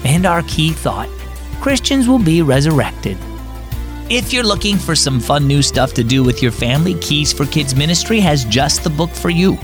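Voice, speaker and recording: A man's voice: on the high side, sing-song, normal speed. A man hosting a children's devotional program, narrating a scripted story in a friendly, earnest way. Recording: dry studio voice with faint music.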